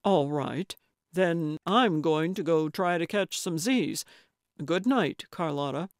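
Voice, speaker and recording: A woman voicing a grumpy, blunt man with a gruff, lowered manner of speaking. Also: animated, takes it slowly, no echo, studio quality, heavily acted. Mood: calm.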